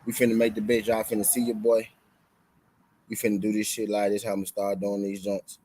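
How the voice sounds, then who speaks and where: A man's voice: lowish voice, completely flat delivery, fairly quick, warm tone, slight background noise, rough recording. A young man hosting a sports betting stream in loose, slangy casual chat, repeating his lines for emphasis. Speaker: sports betting show host.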